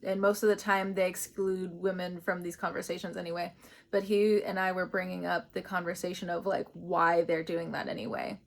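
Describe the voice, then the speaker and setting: A woman's voice: lowish voice, level tone, moderate pace, creaky. A young woman giving a casual, rambling spiritual reading, chatty and laughing often. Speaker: tarot reader.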